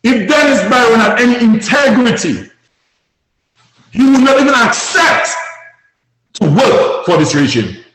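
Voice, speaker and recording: Dominican guy calling into a talk show, high voice, fired up and preachy, echoey sound. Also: big pitch swings, a little slow, pauses often, a little hiss or hum. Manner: fervent, preachy, rising to shouts. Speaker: caller. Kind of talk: impassioned call-in commentary.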